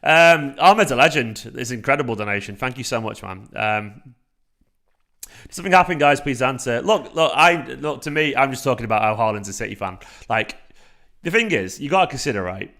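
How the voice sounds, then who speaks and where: A man in his thirties hosting a casual fan livestream, excitable and sweary as he reacts to the chat. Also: medium pitch, fairly quick. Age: 30s. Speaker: fan channel livestream host.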